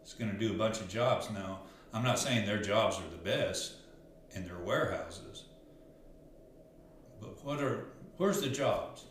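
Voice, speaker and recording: Male life coach, lowish voice, earnest and rambling, very echoey room with faint hiss. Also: a little slow, a bit bright. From Arkansas. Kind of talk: casual storytelling monologue.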